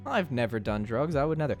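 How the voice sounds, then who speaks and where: A young man streams live and bounces through a playful chat with viewers, his pitch leaping up and down with every tease. He laughs constantly and stumbles over his words in quick restarts. Faint music plays underneath. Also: a little mellow.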